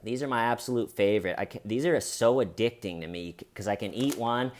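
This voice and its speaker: At his desk, a young man with a medium-pitched voice talks fairly quickly as a true crime comedy host. He casually turns a crime story into a joke, doing silly voices for the quotes, with a sponsor read along the way.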